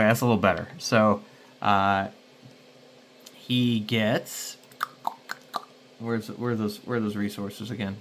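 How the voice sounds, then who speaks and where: A man's voice: fairly low pitch, slight background noise. Rambling man thinking aloud. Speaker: solo game player and host. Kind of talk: casual solo tabletop play-through.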